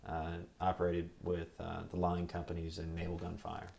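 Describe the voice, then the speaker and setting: Deep gravelly young man telling stories. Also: moderate pace, slight background noise. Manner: relaxed rambling storytelling. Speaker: Marine veteran interviewee. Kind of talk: oral history interview.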